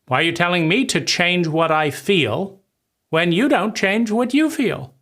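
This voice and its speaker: A man's voice: high-pitched, expressive, measured pace, fairly bright tone, voice pushed up, exaggerated voice. A man voicing a confused child who questions the mother in a pleading, incredulous way.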